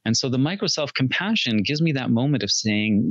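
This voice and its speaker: A man's voice: mid-range voice, expressive, quick pace, few pauses, a bit bright, no room sound, lo-fi sound. A man talking as a podcast guest in casual interview chat, earnest and reflective, laughing at his own slips.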